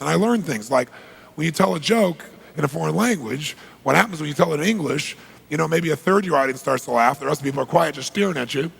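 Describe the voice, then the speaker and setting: A man's voice: fairly high pitch, vocal fry, fairly bright tone, husky, long reverb tail. A man giving a motivational seminar talk, telling stories and quizzing the audience. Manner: storytelling, asks the audience questions. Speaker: seminar speaker.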